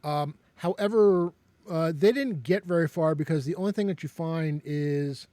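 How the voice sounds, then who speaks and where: A man runs the table as game master, pitching his voice a touch high. He narrates in halting bursts, full of fillers and restarts. The sound is dry, with almost no room around it. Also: dark tone, dry recording.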